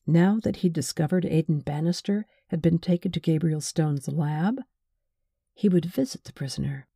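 A woman reading a novel aloud in measured, wry scripted narration. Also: low-pitched, dark tone, husky, no echo, studio quality. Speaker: audiobook narrator.

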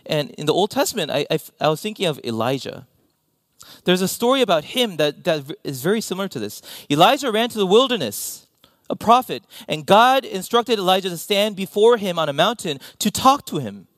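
A male pastor delivers a sermon in a fairly high, animated voice. He swings from bright emphasis to soft, almost whispered lines and slips in wry asides. The sound is dry and close, with no room around it. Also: fairly quick, no room sound. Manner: animated, dropping to near-whispers, self-deprecating asides.

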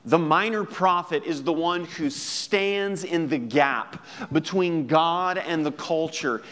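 A man with a high voice preaches in an easygoing, conversational way. He acts out little exchanges as he goes. His voice rings out with a long reverb, as in a big church hall. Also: a bit bright. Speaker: pastor. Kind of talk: sermon.

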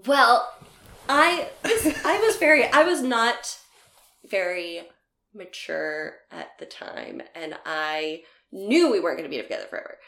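A woman's voice: medium pitch, sing-song, unhurried, vocal fry, a bit bright. Chatty young woman in an echoey room. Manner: chatty, laughs often, acts out quoted dialogue. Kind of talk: casual storytelling chat. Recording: roomy echo.

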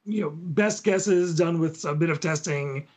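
This man co-hosts a podcast, his voice on the high side with a darkish tone and a measured pace. Relaxed and casual, he walks listeners through tabletop gaming material one step at a time.

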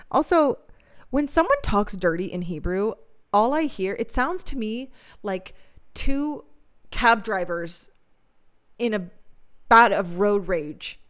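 A woman's voice: mid-range voice, expressive, slow, pauses often. A young woman hosting a podcast, telling frank, profane stories in a casual monologue and laughing often. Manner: candid, laughing, profane storytelling. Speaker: podcast host.

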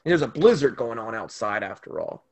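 A man's voice: mid-range voice, lively intonation, a little fast. A man narrating as game master of a tabletop game, loose and full of fillers.

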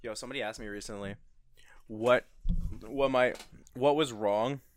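A man's voice: medium pitch, moderate pace. A young man chatting casually with a friend, telling work stories with laughs and swearing. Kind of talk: casual chat.

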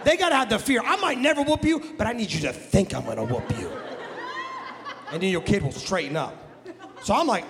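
A man from the Midwest, a guest pastor telling a comic story in a sermon, animated and jokey with bursts of shouting. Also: sits high, a little fast, crowd noise. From American Midwest. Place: church sanctuary. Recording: long hall reverb in a church.

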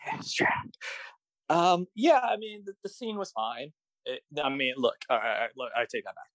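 Co-hosting a casual podcast, a man with a medium-pitched, very animated voice wryly complains about a TV episode at a moderate pace, hesitating and restarting often as he recaps it. The recording is dry and the audio quality is poor.

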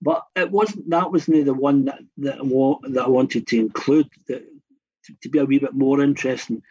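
A husky man in his fifties chats as a radio guest, wandering through long stories and often circling back to restart a sentence. His voice has a slightly breathy edge at an everyday middle pitch. The recording sounds a little dull and muffled. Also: moderate pace, a little mellow. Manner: rambling anecdotal storyteller with frequent restarts. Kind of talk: casual radio chat.

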